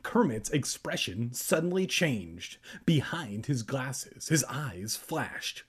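A man's voice: medium pitch, sing-song, takes it slowly, few pauses, husky. A young man reading a children's horror book aloud, breaking off for joking asides. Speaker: reader.

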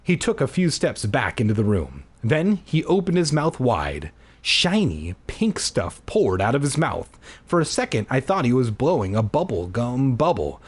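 A man reading a kids' horror book aloud for laughs, breaking in with sarcastic, deadpan asides. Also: medium pitch, moderate pace, breathy edge. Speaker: reader.

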